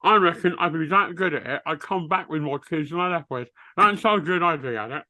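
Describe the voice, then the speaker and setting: A man with a slightly higher, sharp-toned voice, ranting in dry, sarcastic banter. His delivery stays deadpan, and the sound is close and dry. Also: fairly quick, no echo. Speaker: podcast co-host. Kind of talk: comedic rant.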